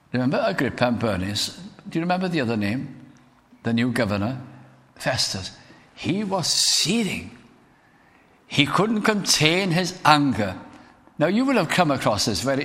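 A man's voice: medium pitch, fairly bright tone. Earnest male preacher in a reverberant hall. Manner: earnest, rising to emphatic declamation. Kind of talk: sermon.

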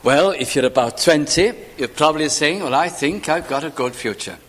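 A man's voice: fairly high pitch, normal speed, fairly bright tone. A man preaching a sermon, asking rhetorical questions and building to fervent emphasis. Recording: reverberant hall sound.

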